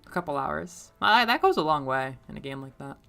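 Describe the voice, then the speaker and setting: A young woman streaming a game and chatting casually, rambling between topics, laughing often and getting suddenly loud when excited. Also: low voice, fairly quick, creaky, soft background music. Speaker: streamer and middle school teacher. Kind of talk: casual chat while playing a game.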